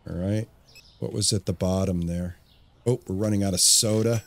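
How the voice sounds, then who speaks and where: A man with a slightly low voice talks through his gameplay in a casual let's-play. He thinks aloud, mutters to himself and repeats words when the pace picks up. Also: fairly even intonation, moderate pace, vocal fry, slight background noise. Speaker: gaming channel host.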